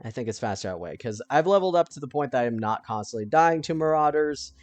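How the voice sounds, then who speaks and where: A man giving casual let's-play commentary, thinking aloud and now and then breaking into panicked yelling. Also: mid-range voice, lively intonation, fast talker, no room sound.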